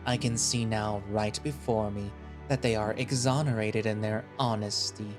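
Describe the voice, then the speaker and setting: A man playing a cold, scornful male settlement leader who speaks slowly and condescendingly, with cutting remarks. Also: on the low side, steady tone, over music, natural voice. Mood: contemptuous.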